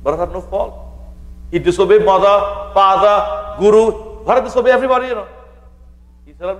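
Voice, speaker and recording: A man's voice: high-pitched, steady tone, a little fast, pauses often, long reverb tail, poor audio. A male pandit giving a sermon on the Ramayan, speaking to the devotees and quoting scripture. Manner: addresses listeners as devotees, quotes scripture.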